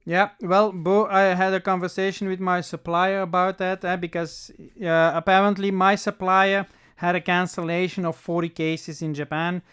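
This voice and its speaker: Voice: mid-range voice, little pitch movement, moderate pace, hardly any pauses, a bit bright, smooth. A livestream host chatting casually with viewers while opening trading card packs, thinking aloud and reading the chat. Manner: thinks aloud with small self-corrections.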